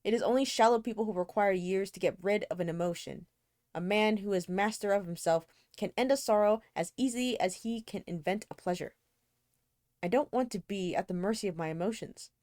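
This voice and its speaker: A callous young man, aloof and bored, read by a woman, with a mid-range voice and slow, languid lines. The sound is dry and close-miked. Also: mid-range voice, darkish tone, no echo, close to an everyday voice. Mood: cold. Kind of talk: amateur read-aloud of a novel.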